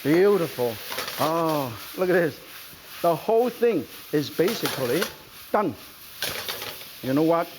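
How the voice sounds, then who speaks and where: An older man with a high, bright voice runs an enthusiastic cooking demonstration, exclaiming over each step in slightly non-native English. A faint hum of the kitchen or outdoors sits behind him. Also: lively intonation, takes it slowly, pauses often. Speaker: celebrity chef and host.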